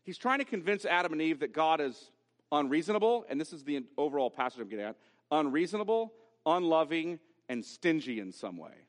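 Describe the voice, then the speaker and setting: Pastor, male, high pitch; emphatic Bible teacher who repeats key phrases; church sanctuary with long reverb. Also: very animated, a little fast. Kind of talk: expository sermon. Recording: long reverb from a large hall.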